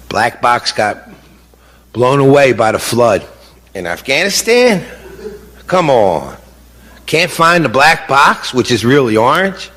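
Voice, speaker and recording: A man's voice: medium pitch, sing-song, a little slow, pauses often, pushed and bright. A middle-aged man telling his own story as a bereaved father, indignant and impassioned, repeating himself for emphasis and firing off rhetorical questions. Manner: frequent "you know" and rhetorical questions. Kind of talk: emotional personal account. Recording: long hall reverb.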